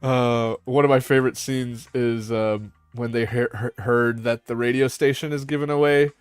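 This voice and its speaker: A man's voice: mid-range voice, fairly even intonation, moderate pace, clear, resonant tone, no echo, faint music behind. A man hosting a casual panel chat, rambling, swearing and laughing as he retells scenes. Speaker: host.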